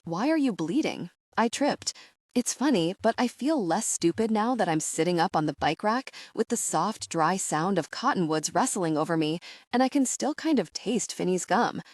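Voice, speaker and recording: A woman reading a first-person audiobook in a soft, measured, intimate manner, recorded close on a studio mic. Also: fairly low pitch, expressive, no echo. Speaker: audiobook narrator.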